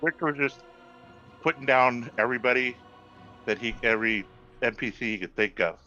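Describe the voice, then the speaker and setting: A man's voice: medium pitch, normal speed, sharp tone, soft background music. A man playing a tabletop game online, making dry jokes and trailing off mid-thought. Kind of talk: casual banter at the game table. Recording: dull lo-fi online call audio.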